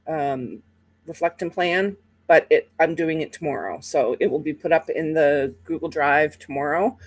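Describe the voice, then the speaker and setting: A woman's voice: low voice, no room sound. A woman hosting a casual livestream, chatting to viewers in a rambling way with many fillers, sleepy and yawning. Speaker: livestream host.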